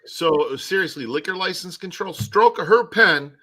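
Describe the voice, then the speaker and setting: Male co-host, relaxed joker, bright and a bit high. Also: moderate pace. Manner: relaxed, joking, reads out viewer comments. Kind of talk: casual chat.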